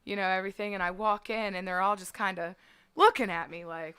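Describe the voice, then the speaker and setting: A middle-aged woman with a gravelly, creaky edge to her voice tells a story in casual chat. She talks with a bright, sharp tone. She is brash and profane and acts out the lines of the people in her story. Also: medium pitch, a little fast. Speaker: guest storyteller.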